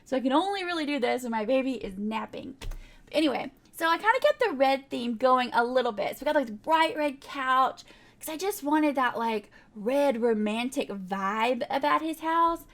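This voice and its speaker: A woman's voice: sits high, lively intonation, moderate pace. A young woman, chatting casually in a rambling voiceover over her game build, full of fillers and little laughs. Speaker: game builder narrating a speedbuild.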